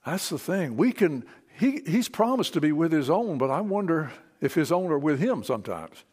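Male preacher, high-ish and animated, sermon to a congregation, hushed then emphatic. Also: normal speed, husky. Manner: fervent, swings from hushed to emphatic. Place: church meeting.

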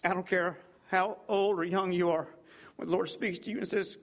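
A man preaching a sermon with fervor, repeating "I tell you what" and swinging from loud emphatic peaks to low hushed passages. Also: steady tone, moderate pace.

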